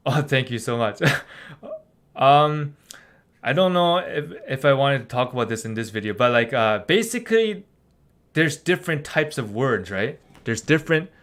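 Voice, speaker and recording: A man's voice: mid-range voice, animated, moderate pace, a bit bright. A young man giving a casual live-streamed language lesson, rambling with lots of fillers and little laughs.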